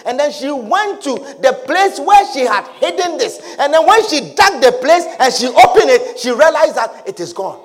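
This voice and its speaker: A male preacher giving a dramatic sermon, repeating phrases and often shouting. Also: very high-pitched, big pitch swings, normal speed, few pauses.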